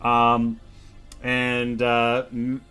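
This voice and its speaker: A man as game master, narrating and halting with fillers while he runs the scene. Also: medium pitch, completely flat delivery, sharp tone, clean tone, soft background music.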